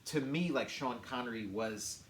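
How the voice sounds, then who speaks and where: A man's voice: mid-range voice, measured pace. A middle-aged man co-hosting a podcast, chatting casually in a rambling way with many fillers and restarts. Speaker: podcast co-host. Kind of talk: casual chat. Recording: roomy with faint noise.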